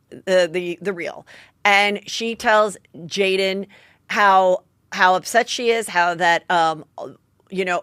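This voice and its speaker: A woman's voice: mid-range voice, fairly bright tone, no echo, clean studio sound. A woman in her forties hosting a solo gossip podcast, chatty and candid, swearing freely and acting out quotes. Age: 40s. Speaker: podcast host.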